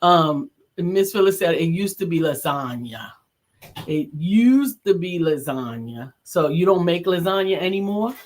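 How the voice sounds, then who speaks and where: A woman's voice: fairly low pitch, expressive, unhurried, darkish tone. A woman, from the Bronx, co-hosting a casual live stream, chatting, laughing and reading viewer comments aloud. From the Bronx, New York. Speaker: co-host.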